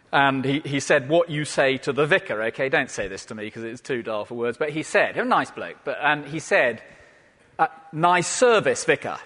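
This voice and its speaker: A man preaching as vicar, telling his points like stories and swinging between loud emphasis and near-hushed lines. His voice sits at a middling pitch and carries a long church reverb around it. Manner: lively storyteller, wide swings from loud to hushed. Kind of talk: sermon.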